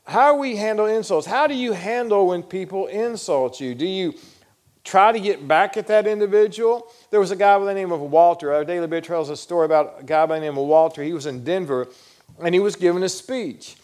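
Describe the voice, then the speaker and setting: Earnest higher-voiced male pastor preaching. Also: brisk, darkish tone. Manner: earnest, questioning, storytelling. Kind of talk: sermon.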